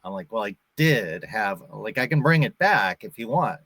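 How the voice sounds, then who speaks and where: A man's voice: on the low side, expressive, moderate pace, a bit bright, no room sound. Man in his fifties telling stories. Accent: faint Boston. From Boston area, USA. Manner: storytelling, acts out quoted voices. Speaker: actor and guest. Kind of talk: casual interview chat.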